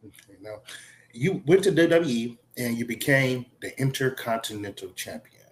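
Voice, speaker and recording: A man's voice: medium pitch, animated, moderate pace. Male interview host, eager and fan-like, asks direct questions; mid-range voice.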